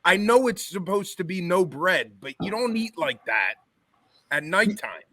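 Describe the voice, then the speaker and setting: Bright, excitable podcast co-host man. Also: sits high, a little slow, no echo. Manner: excitable, laughing, self-mocking. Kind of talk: casual podcast banter.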